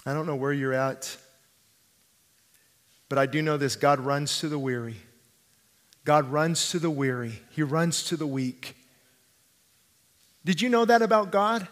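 A male pastor preaching a sermon, swinging between hushed pleading and fervent shouting and repeating phrases for emphasis. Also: a little high, a little slow, long pauses, big-room sound. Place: church sanctuary.

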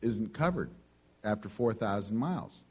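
A man voicing an apologetic male service desk clerk in a sermon story, speaking low and quiet. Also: animated, moderate pace, husky.

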